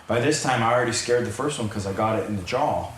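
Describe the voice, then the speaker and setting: A man's voice: medium pitch, quick pace, fairly bright tone, slight background noise. Man telling a rambling personal story. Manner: rambling, repeats words and restarts. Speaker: podcast guest. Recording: roomy echo, faint ambience.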